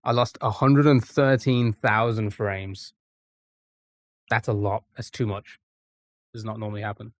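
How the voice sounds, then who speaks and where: A man's voice: on the low side, flat delivery, measured pace, pauses often, no room sound. A young English man with an English accent, chatting casually and rambling as he jokes with his live-stream chat. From England.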